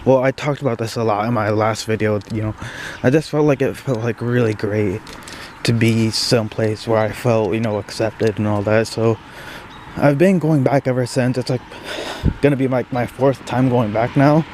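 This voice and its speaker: A young man vlogging outdoors in the snow at dawn, talking quietly and hesitantly with many fillers, shivering and breathing heavily. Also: mid-range voice, steady tone, normal speed, a little hiss or hum. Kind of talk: casual vlog talk to camera.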